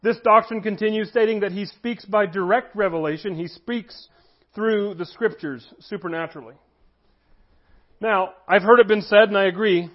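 A man preaching a sermon as pastor, earnest, slowing down to stress key phrases. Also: sits high, muffled recording.

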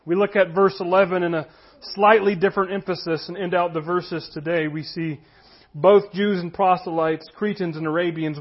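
A man's voice: sits high, fairly even intonation, normal speed, highs cut off. A pastor preaching a conversational sermon, reading scripture aloud and telling stories to his congregation. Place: church room with congregation.

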